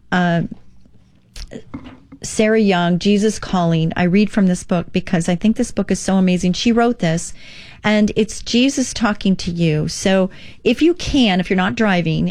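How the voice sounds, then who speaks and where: Mellow-voiced woman hosting a devotional show. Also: fairly low pitch, no echo. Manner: earnest, encouraging, reads scripture slowly. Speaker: radio show host. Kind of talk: devotional talk show monologue.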